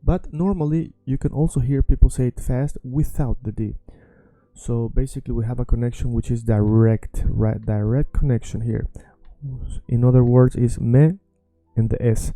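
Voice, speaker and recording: Male language teacher, Swedish accent, deep dark fry-edged voice, dry close sound, patient drilling delivery. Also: fairly even intonation, no room sound. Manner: patient, repeats words slowly to drill pronunciation. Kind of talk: language lesson.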